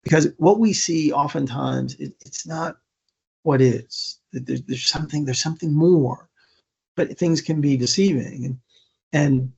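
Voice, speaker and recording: Man, earnest storytelling speaker, husky voice, stammering restarts, dull lo-fi sound. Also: on the high side, measured pace, a little mellow. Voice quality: gravelly, husky. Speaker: keynote speaker. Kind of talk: storytelling public talk. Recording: dull lo-fi recording.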